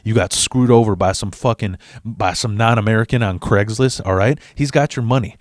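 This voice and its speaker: A man voicing a blunt, profane male coworker who gives bad advice in a low, hushed tone. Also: a little fast, no room sound, clean studio sound, close to an everyday voice. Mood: conspiratorial.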